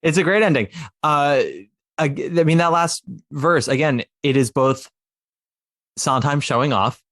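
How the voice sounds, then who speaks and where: A man's voice: on the high side, a little slow, fairly bright tone, no room sound. A man chatting eagerly as a podcast guest, rambling with many fillers and restarts. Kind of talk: casual chat about musical theatre.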